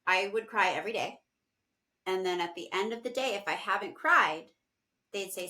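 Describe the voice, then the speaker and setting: A woman co-hosting a podcast in casual chat, open and quick to laugh. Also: mid-range voice, sharp tone. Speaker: podcast co-host.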